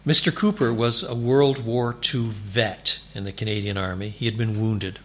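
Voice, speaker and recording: Give me a male preacher with a bright, forward voice, delivering an animated sermon in a church. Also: on the low side, moderate pace. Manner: animated, building to emphatic repeated declarations. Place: church before a congregation.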